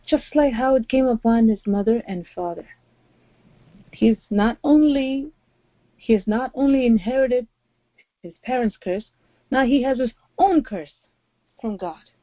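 A woman's voice: on the high side, a little slow, pauses often, no echo. A woman pastor preaching a sermon, stressing her points by repeating phrases. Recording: dry, dull lo-fi audio.

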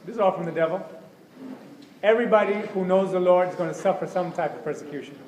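High-voiced guy preaching hard, acts out prayers, big echoey hall with long reverb. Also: fast, darkish tone, a little hiss or hum. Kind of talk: sermon. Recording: echoey hall with faint ambience.

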